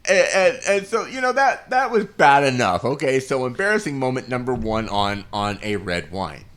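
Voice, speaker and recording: A man co-hosting a podcast, telling a funny story in a casual, profane, animated way and often breaking into laughter. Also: medium pitch, normal speed, poor audio. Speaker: podcast co-host.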